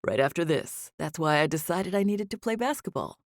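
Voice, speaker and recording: A woman voicing an easygoing, quietly confident young male star in an audiobook. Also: sits low, a little fast, dry recording, clean studio sound. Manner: relaxed, quietly assured.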